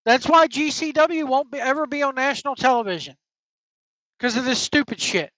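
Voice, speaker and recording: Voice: high-pitched, normal speed, fairly bright tone, no room sound. A wrestling podcast host on an angry, profane opinion rant, blunt and heated. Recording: dull lo-fi dry recording.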